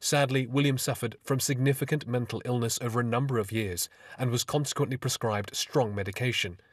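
A man reporting for a news bulletin in a steady, formal delivery. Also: mid-range voice, a little fast, breathy edge, dry recording, studio quality, recorded from a distance.

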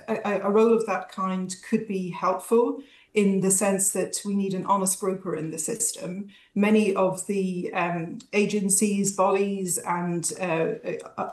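A woman academic answers news interview questions in a mid-pitched voice, thoughtful and analytical. She restarts phrases and fills pauses with ums. Her remote link carries a roomy echo. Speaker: academic guest, healthcare researcher.

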